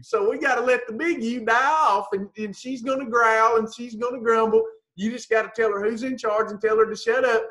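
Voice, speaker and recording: A woman with a high voice talks straight to her followers about diet and attitude. She is blunt and folksy and calls her listeners by teasing pet names. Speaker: weight-loss coach. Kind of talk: motivational talk to followers.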